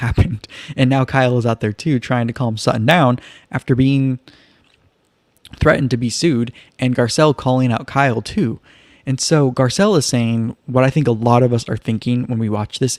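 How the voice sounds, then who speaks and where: Man, recap host, casual live stream, chatty, wry asides, medium pitch, dry sound. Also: no echo. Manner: chatty, loose, leans on "kind of" and "like"; relaxed storytelling with wry asides.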